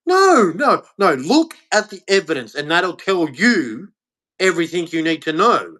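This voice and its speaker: A man's voice: high voice, very animated, unhurried, bright, forceful tone. A man with an Australian accent, ranting bluntly and angrily to camera in a profane vlog monologue. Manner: blunt, angry and profane, with heavy emphasis. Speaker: vlogger.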